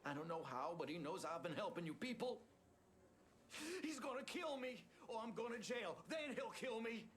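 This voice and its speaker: A man's voice: sits high, expressive, normal speed, a bit bright, slight background noise. An actor playing a frightened man in a video game, pleading and panicky. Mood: panicked. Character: frightened man fearing a mob boss.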